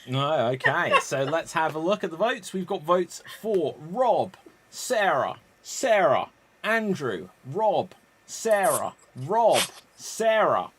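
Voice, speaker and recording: A man's voice: fairly high pitch, sing-song, slow pace, slight background noise. Wry man hosting an improv show. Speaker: host.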